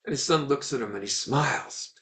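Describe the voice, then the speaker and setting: A man teaching in a webinar, telling a story with animated, earnest delivery and ending on a gentle message. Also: medium pitch, brisk. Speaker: Ayurvedic teacher.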